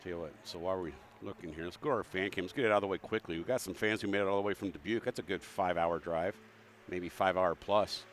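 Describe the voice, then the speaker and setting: A man's voice: sits low, quick pace, a little hiss or hum. A man announcing a local hockey broadcast from a mobile booth at the rink, rambling and joking about himself. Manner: rambling, joking, self-deprecating. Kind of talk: live local sports broadcast.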